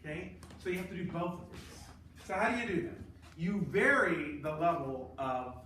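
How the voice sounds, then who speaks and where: A male teacher lectures a class in an emphatic, animated way, throwing in sarcastic asides. His voice sits a little high, and it reaches the mic from a distance in a reverberant room with faint background noise. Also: normal speed. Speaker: choral conducting teacher.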